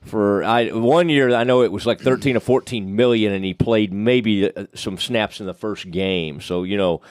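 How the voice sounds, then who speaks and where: A man's voice: on the low side, normal speed, no room sound, clean studio sound. A man hosting a casual sports podcast, talking in loose, rambling stretches that restart and trail off mid-thought. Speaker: podcast host.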